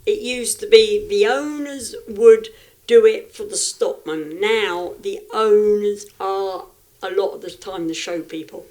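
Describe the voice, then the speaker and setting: A woman talks through her views in a casual podcast chat. She speaks frankly and reflectively, with frequent restarts, at an ordinary middle pitch. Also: a little slow, a little mellow. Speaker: guest, livestock exhibitor.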